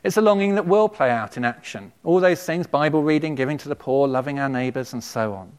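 A man's voice: fairly high pitch, animated, smooth. Earnest man preaching a farewell sermon. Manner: earnest, measured preaching with quotations read aloud. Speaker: pastor. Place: church.

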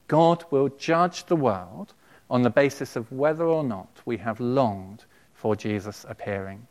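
A man delivers a sermon to his congregation in a church, speaking. His preaching is earnest and measured, with an even, mid-range pitch. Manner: earnest, measured preaching with quotations read aloud. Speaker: pastor.

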